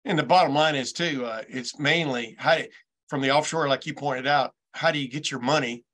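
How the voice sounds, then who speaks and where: Bright-voiced man asking hesitant questions. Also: mid-range voice, normal speed. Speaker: host. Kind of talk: casual interview chat.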